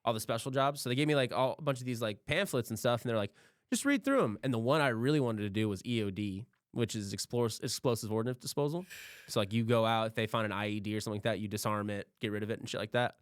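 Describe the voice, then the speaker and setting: A man's voice: lowish voice, fairly even intonation, fast, clear, resonant tone, no echo, studio quality. A man hosting a podcast, telling a rambling story in casual chat, swearing freely and acting out what others said. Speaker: podcast host.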